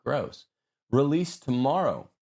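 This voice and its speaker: A man's voice: medium pitch, big pitch swings, slow, vocal fry, darkish tone, no echo. A man hosting an opinionated news commentary show, reading headlines and adding sarcastic, mocking asides. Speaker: host.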